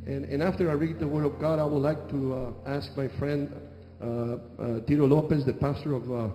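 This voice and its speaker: A man preaching a church sermon as a bishop, with a halting delivery that repeats words and pauses on fillers. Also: mid-range voice, steady tone, music in the background. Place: church hall. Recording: echoey hall with long reverb.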